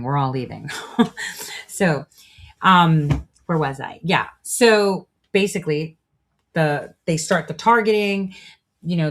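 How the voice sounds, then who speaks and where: A woman show host with a deep, slightly bright voice delivers monologue commentary that is preachy and profane, full of rhetorical asides.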